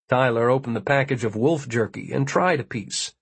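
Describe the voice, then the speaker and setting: A man narrating an audiobook in a measured, even storytelling manner. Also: medium pitch, gravelly, husky, dry recording.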